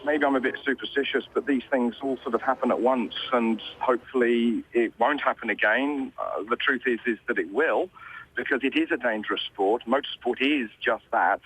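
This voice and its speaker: A man's voice: mid-range voice, normal speed, fairly bright tone, a little hiss or hum, rough recording. A British man, a motorsport commentator, talking in a conversational way with frequent restarts during a news interview. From Britain.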